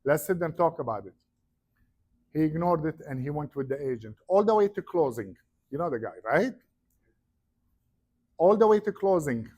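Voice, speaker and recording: A man's voice: on the high side, moderate pace, long pauses, husky. A man giving a real estate seminar, telling stories animatedly and acting out the people in them. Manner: animated storyteller, acts out quoted voices. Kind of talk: seminar talk to an audience.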